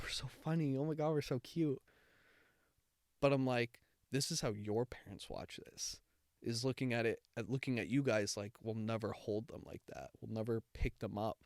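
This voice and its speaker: Smooth-voiced man telling a heartfelt story. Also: medium pitch, no echo, clean studio sound. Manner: rambling, heartfelt storytelling with many fillers. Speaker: podcast co-host. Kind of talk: casual chat.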